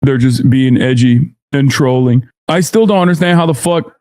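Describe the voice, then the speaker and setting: A male streamer talks at a middle pitch in a rambling, off-the-cuff way. He is sarcastic and swears freely, with plenty of fillers as he reacts live. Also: normal speed, darkish tone. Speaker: political streamer. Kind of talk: livestream commentary.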